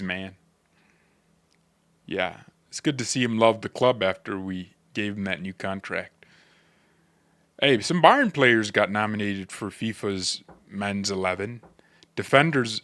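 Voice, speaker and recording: A man hosting a football fan channel, chatting casually to his viewers with joking, slangy, animated reactions. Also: lowish voice, no room sound. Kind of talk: casual commentary to chat.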